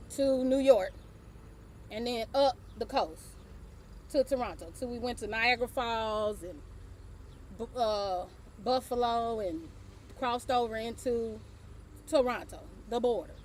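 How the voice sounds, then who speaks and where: A woman's voice: fairly high pitch, darkish tone, a little hiss or hum. A middle-aged woman hosting her own show, telling a casual story, laughing often and swearing offhandedly. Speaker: host.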